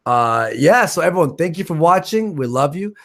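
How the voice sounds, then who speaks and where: A man's voice: on the high side, animated, normal speed, a bit bright. A man hosting a live stream, casually reading out viewer donations, joking and stumbling over names. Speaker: stream host.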